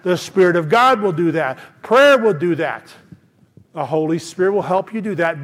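A middle-aged man preaching with earnest, emphatic conviction. His voice sits high for a man. The sound carries a long reverb, as if he is speaking in a church sanctuary. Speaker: pastor. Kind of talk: sermon.

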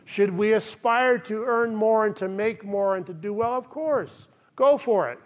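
A man's voice: sits high, unhurried. A male pastor giving a conversational sermon, often checking in with the listeners. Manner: conversational preaching, frequent "okay?" check-ins.

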